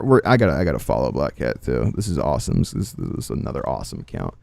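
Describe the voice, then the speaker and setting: A man's voice: very deep voice, huge pitch swings, fast talker, gravelly, darkish tone, no room sound. A man streaming, commenting on drama and reading chat with sarcastic asides and swearing. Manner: sarcastic, swears freely, trails off into mutters.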